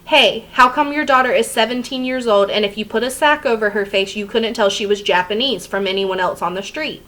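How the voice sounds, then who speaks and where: A woman's voice: fairly high pitch, fairly quick, fairly bright tone, close to an everyday voice. A strict, scolding father who lectures his teenage daughter about how she dresses and walks, voiced plainly by a woman reading a novel aloud. His words are firm but stay close to an everyday reading voice. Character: stern angry immigrant father, lecturing.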